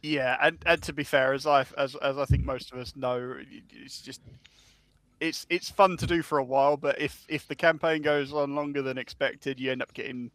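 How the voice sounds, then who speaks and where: A man's voice: mid-range voice, fairly even intonation, moderate pace, a bit bright, dry recording. A man running a tabletop game as game master, laid-back and easygoing. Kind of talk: casual tabletop game chat.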